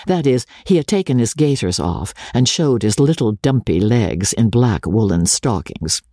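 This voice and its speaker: A man narrates a classic novel with a lively, rising and falling delivery. His voice is gravelly and somewhat husky. The recording is dry and close. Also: medium pitch, no room sound. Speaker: reader. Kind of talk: reading a classic novel aloud.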